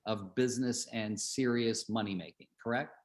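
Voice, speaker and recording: A man's voice: lowish voice, steady tone, moderate pace. A middle-aged man coaching real estate agents on a group call, chatty, telling stories and asking the group questions.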